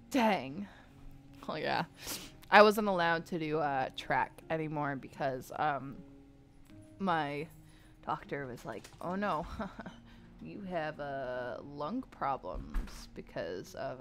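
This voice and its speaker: Casual young woman streamer telling stories. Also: on the low side. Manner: rambling, animated storytelling with filler words. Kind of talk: casual storytelling chat.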